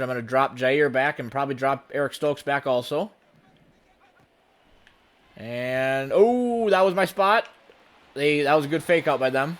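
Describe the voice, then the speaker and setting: Man, slightly high voice, let's play commentary, running play-by-play, excitable bursts. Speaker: gaming channel host.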